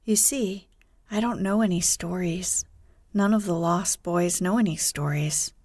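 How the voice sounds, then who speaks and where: A woman's voice: on the low side, unhurried, no echo, clean studio sound. Peter Pan, a woman whispering a sly coaxing boy. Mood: wistful. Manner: soft, breathy, hushed. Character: Peter Pan, cocky sly boy who never grows up.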